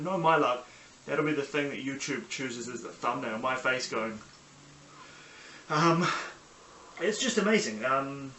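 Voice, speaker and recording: A man's voice: medium pitch, pushed and bright. Chatty New Zealand man in an echoey room. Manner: rambling, enthusiastic, many ums and restarts. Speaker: podcast host. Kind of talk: casual solo review vlog. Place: small sunny room at home. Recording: echoey room with faint background hiss.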